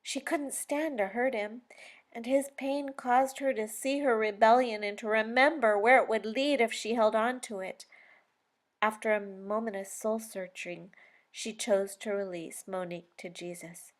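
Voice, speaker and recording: A woman author narrating her own novel as an audiobook, with expressive storytelling and lively emphasis. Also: a little high, measured pace.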